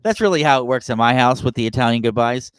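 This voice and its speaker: A man's voice: mid-range voice, expressive, fast talker, clear, resonant tone, no room sound. A man co-hosting a podcast who talks casually, laughs often and acts out the voices of people he quotes. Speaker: podcast co-host. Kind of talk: casual chat.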